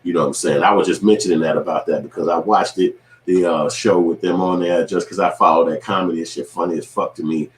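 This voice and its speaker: A man rattles off a casual, profane commentary at a quick clip, his voice sitting on the low side. He is hosting his own channel and tells stories with animation, acting out the people he quotes. The sound is roomy and echoey. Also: steady tone. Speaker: channel host.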